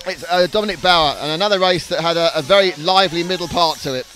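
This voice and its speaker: A man calling a live off-road race, urgent and quick to correct himself. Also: on the high side, pushed and bright, a little hiss or hum, poor audio. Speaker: race commentator. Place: outdoor race track.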